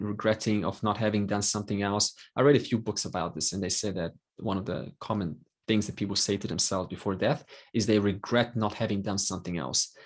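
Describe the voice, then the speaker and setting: Brief: male teacher, lower voice, calm explanatory class delivery. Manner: calm explanatory, many fillers. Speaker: Vedanta teacher.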